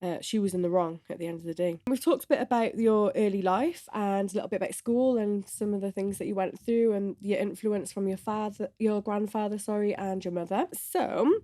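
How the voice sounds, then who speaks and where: Mellow-voiced woman interviewer, dry sound. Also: mid-range voice, fairly quick, hardly any pauses, dry recording. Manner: gentle, supportive questioning. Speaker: podcast host.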